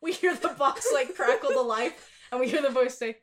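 A young woman co-hosting a podcast, telling a funny story in a casual, giggly, animated way. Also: sits high, moderate pace, heavy background noise. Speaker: podcast co-host.

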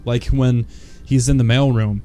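A man's voice: mid-range voice, fairly even intonation, a little slow, dark tone. A man co-hosting a casual podcast chat, laid-back and laughing often. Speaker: podcast co-host.

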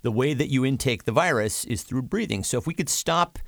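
A man's voice: medium pitch, lively intonation, fairly quick, gravelly, no room sound. A man co-hosting a casual podcast chat, acting out quotes in playful mock voices. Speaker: podcast co-host.

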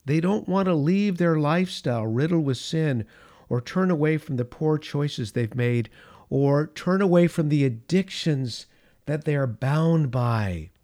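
Male pastor, middle-aged, impassioned sermon delivery with dramatic pauses. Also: on the high side, animated. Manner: impassioned preaching with dramatic pauses and swings in loudness.

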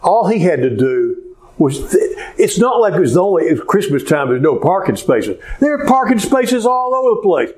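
A pastor preaching a sermon, telling a story in an animated way with frequent hesitations. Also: male voice, high voice, normal speed, rough recording.

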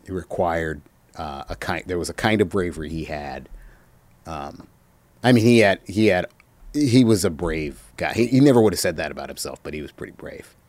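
A man telling stories as an interview guest, reflective and halting, with many pauses and fillers. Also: low voice, lively intonation, darkish tone, no echo. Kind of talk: reminiscing anecdotes.

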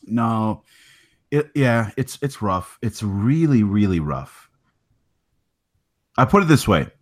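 A man's voice: on the low side, very animated, takes it slowly. A man co-hosting a podcast in casual chat, often stammering through restarts and laughing hard. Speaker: podcast co-host.

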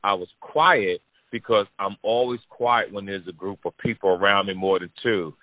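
A man spins a profane story for his listeners, leaning on repetition and punchlines. His voice sits low, and the sound is dry and squeezed down like a phone line. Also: moderate pace, no echo. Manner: animated, profane, repeats for emphasis. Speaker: podcast host telling a story. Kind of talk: casual storytelling to an audience.

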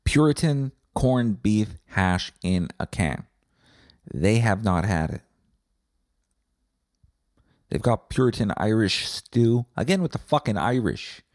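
A man's voice: fairly low pitch, expressive, slow pace, long pauses, a little mellow, no echo, studio quality. A man hosting a podcast, delivering a profane, combative comedic rant. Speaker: podcast host.

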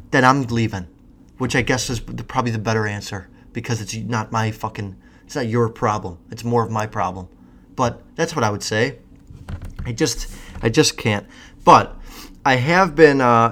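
A nineteen-year-old man rambling casually to viewers, answering questions with lots of swearing and animated rants. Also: mid-range voice, moderate pace. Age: young adult. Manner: profane, animated, self-deprecating rants.

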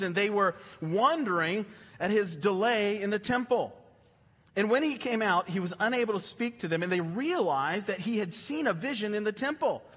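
Male pastor, sermon, high voice, emphatic and animated, long hall reverb. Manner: animated, emphatic, repeats words. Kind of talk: sermon, reading and explaining scripture.

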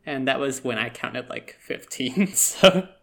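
A man's voice: medium pitch, lively intonation, unhurried, creaky, a bit bright. A man co-hosting a podcast, chatty and rambling with frequent fillers in a casual fan discussion. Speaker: podcast co-host.

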